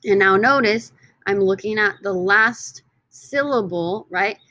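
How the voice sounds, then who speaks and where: A woman's voice: mid-range voice, unhurried, pushed and bright, no room sound. Casting: upbeat female teacher narrating slides, dry booth-like sound. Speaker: Spanish teacher. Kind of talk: recorded slide lesson.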